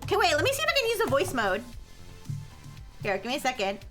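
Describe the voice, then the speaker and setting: A woman streamer chatting casually to her viewers, rambling with lots of filler words and quick laughs. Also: high voice, wildly swooping pitch, music in the background. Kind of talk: casual live-stream chat.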